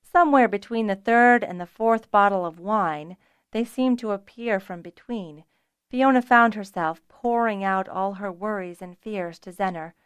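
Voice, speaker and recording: A woman narrating a fantasy audiobook in an even, measured storytelling voice. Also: medium pitch, clean tone, no room sound, studio quality.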